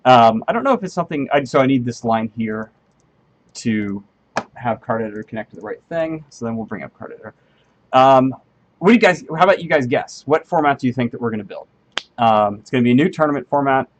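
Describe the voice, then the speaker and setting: A man's voice: mid-range voice, expressive, a little fast, lo-fi sound, slight background noise. A man streaming while he programs, thinking aloud in a rambling, friendly way, full of ums and half-finished sentences as he answers his chat. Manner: friendly and self-deprecating, answers chat readers. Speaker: game engineer streaming live coding.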